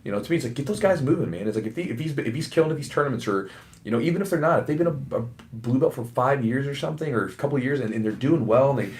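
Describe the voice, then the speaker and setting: A man with a faint Southern US accent, hosting a casual podcast chat, talking fast with many fillers and restarts. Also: mid-range voice, animated, darkish tone, slight background noise. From American South. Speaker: podcast host and jiu-jitsu instructor.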